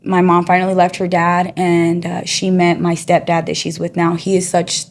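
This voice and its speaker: A woman's voice: on the low side, completely flat delivery, normal speed. A woman guest telling her life story in casual, streetwise speech, acting out the people in it. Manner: chatty and streetwise, often says "you know" and "girl". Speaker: guest sharing her testimony.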